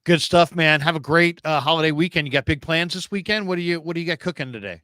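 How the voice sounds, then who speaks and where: A man in his forties hosting a casual sports talk show, telling stories with lively acted-out quotes. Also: on the high side, fast talker, no room sound. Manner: animated storyteller, acts out quoted people. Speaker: show host. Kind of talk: casual sports podcast chat.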